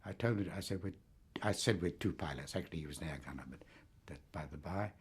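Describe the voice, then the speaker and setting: Older man, husky, rambling war memories. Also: deep voice, fast talker. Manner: rambling and anecdotal, with frequent fillers and chuckles. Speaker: war veteran recounting his escape. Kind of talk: oral history recollection.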